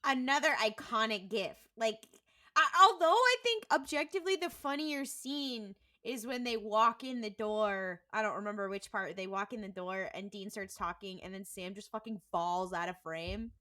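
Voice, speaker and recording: A woman's voice: medium pitch, normal speed, pushed and bright. A woman co-hosting a podcast, chatting casually in rambling asides. She lives in New York City. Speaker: podcast co-host. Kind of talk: casual chat.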